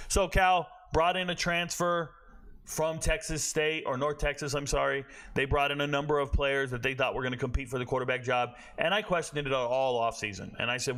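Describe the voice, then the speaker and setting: Blunt rambling sports host man. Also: fairly bright tone. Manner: rambling, blunt, self-correcting; low energy, tired. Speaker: college football show host. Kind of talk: casual sports commentary.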